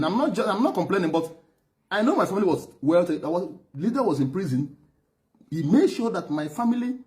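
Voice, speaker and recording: A man's voice: on the high side, darkish tone. A middle-aged Nigerian man with a Nigerian accent giving an emphatic, repetitive personal testimony as a former driver and aide. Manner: emphatic, repetitive, laughs heavily and stammers.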